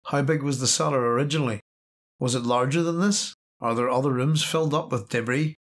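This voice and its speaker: A man's voice: medium pitch, brisk, close to an everyday voice. A man voicing a weary, blunt woman soldier in a wartime audiobook. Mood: sleepy.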